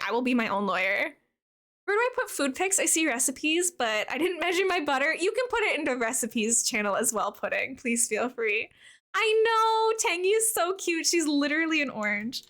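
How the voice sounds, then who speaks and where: Bubbly high-voiced young woman streamer. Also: big pitch swings, unhurried, fairly bright tone. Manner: bubbly, chatty, reads and answers chat while playing. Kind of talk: casual live-stream chat.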